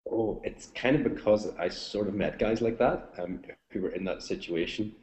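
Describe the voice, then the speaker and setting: Low-voiced hesitant man. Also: moderate pace, a little mellow. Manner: hesitant, many ums and restarts. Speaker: novelist and book reviewer. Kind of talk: interview over video call. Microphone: video call. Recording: roomy echoey video call.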